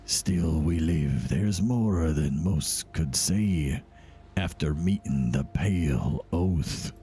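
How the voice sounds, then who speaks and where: A man putting on the voice of a proud, stubborn pirate captain, drawing his words out low and slow. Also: dark tone, faint music behind, exaggerated voice. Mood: brooding.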